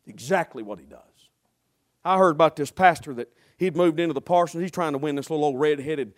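A man's voice: on the high side, a little fast. A man preaching a sermon as pastor, emphatic, repetitive and humorous.

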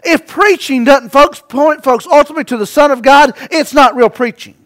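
Male pastor with a very high voice, dynamic sermon delivery that swings from loud to hushed and quizzes the congregation. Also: normal speed. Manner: rhetorical questions to the congregation.

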